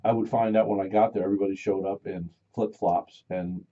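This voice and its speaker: An older man hosting a radio talk show, chatting in a rambling, animated way. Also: sits low, brisk, muffled recording. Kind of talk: casual radio chat.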